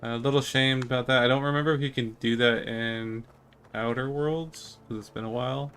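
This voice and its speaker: A man's voice: mid-range voice, steady tone, normal speed, fairly bright tone, faint music behind. A young man casually commenting while playing a video game, rambling and joking with many fillers. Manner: rambling, joking, lots of 'like'. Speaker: streamer.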